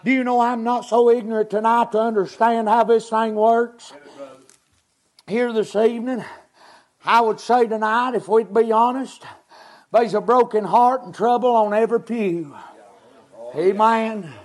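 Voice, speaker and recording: A man preaching an impassioned revival sermon, chanting repeated phrases and shouting out to the congregation. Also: very high voice, steady tone, measured pace.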